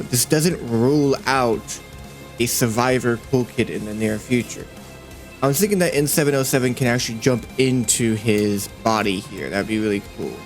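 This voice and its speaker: Rambling young-sounding man thinking aloud. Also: medium pitch. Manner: easily excited, playful. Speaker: 3D animator and creator. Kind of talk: casual narrated work session.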